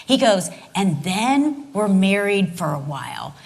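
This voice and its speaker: A woman's voice: medium pitch, measured pace, creaky. A middle-aged woman teaching on marriage beside her husband, telling a story and acting out the voices in it. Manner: expressive storyteller, acts out voices. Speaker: co-teacher, pastor's wife.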